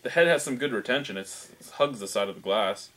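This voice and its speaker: A man's voice: mid-range voice, lively intonation, fairly quick, a bit bright. A man hosting a casual beer review, explaining things at length and swearing now and then. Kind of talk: casual chat. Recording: noisy home recording.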